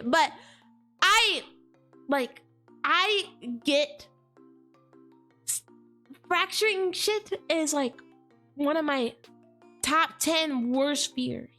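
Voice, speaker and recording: Woman streamer, very high and bright voice, slow slangy exclaiming chat, faint music behind. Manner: slangy and exclaiming, heavy on "like" and "dude".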